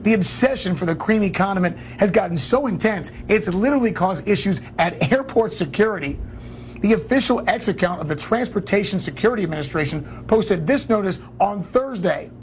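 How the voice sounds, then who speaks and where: News reporter guy, high gravelly voice, faint background hum. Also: animated, fairly quick. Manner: scripted, upbeat reading.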